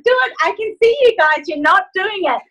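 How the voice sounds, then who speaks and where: A woman's voice: extremely high pitch, animated, normal speed, a bit bright, rough recording. A woman life coach leading a group video call from her phone, giving upbeat, playful instructions.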